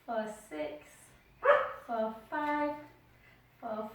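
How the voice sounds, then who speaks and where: Woman, pilates instructor, high voice, echoey room, distant mic. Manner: slow, gentle cueing with counting, chatty asides. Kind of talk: live online class instruction. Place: home room with dog nearby.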